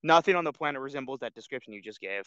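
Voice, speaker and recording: A man's voice: mid-range voice, animated, very fast, fairly bright tone, clean tone, no room sound, lo-fi sound. A man co-hosting a casual online show, rambling with lots of fillers and restarts. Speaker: co-host. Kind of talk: casual podcast chat.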